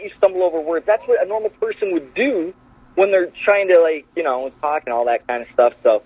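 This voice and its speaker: A man with a slightly high, husky voice tells backstage stories as a radio guest. He keeps switching into other people's voices for the quotes. The sound is dry and tinny, like a phone line. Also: a little fast, no echo. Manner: animated, acts out quotes in changed voices. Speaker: wrestler guest. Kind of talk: casual storytelling. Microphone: phone call.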